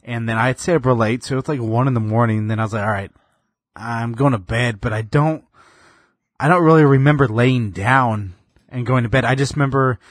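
A man in his thirties with a husky voice, recorded close and dry. He tells stories in a laid-back podcast chat, full of fillers, his voice often drifting quiet. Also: mid-range voice, fairly quick, no room sound. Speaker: podcast co-host. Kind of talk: casual chat.

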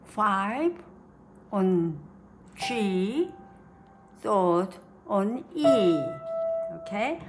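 A woman's voice: mid-range voice, expressive, very slow, pauses often. A woman giving a piano lesson, counting beats and singing rhythms aloud as she teaches. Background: piano playing.

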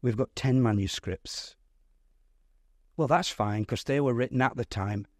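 A man, a pastor, teaching a Bible study in a lively, conversational way, putting questions to his audience. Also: mid-range voice, unhurried, no echo, studio quality.

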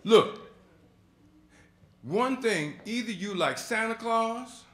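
Storyteller, male, slow deliberate delivery, bright voice, echoey hall, swings from hushed to loud. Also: very high voice, animated. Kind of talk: live stage storytelling. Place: museum auditorium before a live audience.

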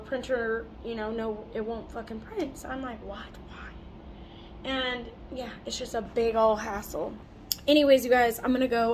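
Young female vlogger, higher voice, casual rambling chat to camera, slight background noise. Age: 20s. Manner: rambling, chatty, with frequent fillers and laughs.

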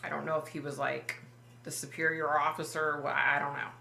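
A woman psychic vlogger retelling a dream in a halting, emotional way, full of fillers and restarts. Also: sits low, little pitch movement, vocal fry, pushed and bright, echoey room, slight background noise. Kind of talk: personal vlog storytelling.

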